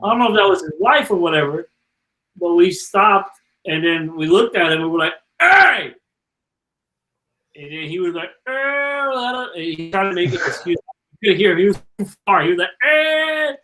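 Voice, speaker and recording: A man's voice: high voice, fast, a bit bright, a little hiss or hum, poor audio. A man telling a rambling story in a laid-back way during casual chat on a video call.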